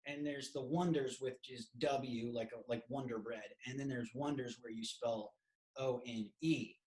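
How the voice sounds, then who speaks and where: A man chatting as a podcast guest, relaxed and loose, with plenty of restarts. His voice sits at an ordinary middle pitch for a man. He perks up and turns playful when a joke comes along. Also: normal speed, rough recording. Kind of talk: casual video call chat.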